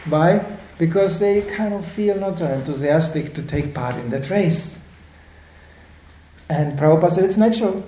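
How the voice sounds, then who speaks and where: Animated older man lecturing in an echoey room. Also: a little high, moderate pace. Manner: animated storytelling, acting out voices in quotes. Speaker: spiritual teacher.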